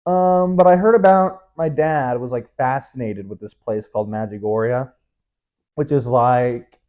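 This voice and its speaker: A man's voice: mid-range voice, unhurried. A young man hosting his own show, rambling through a casual monologue full of swearing, restarts and chuckles. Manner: rambling, profane, self-interrupting, laughs often. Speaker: podcast host. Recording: dull lo-fi recording.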